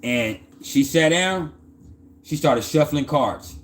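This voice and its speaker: A man's voice: fairly high pitch, expressive, takes it slowly. A man casually telling a personal story in loose, profane slang, often stammering and restarting his sentences.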